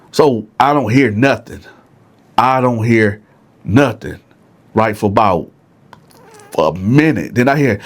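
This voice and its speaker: A man's voice: mid-range voice, unhurried. A man host casually telling a dramatic personal story, often checking in with "right?". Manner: animated, dramatic, keeps asking "right?".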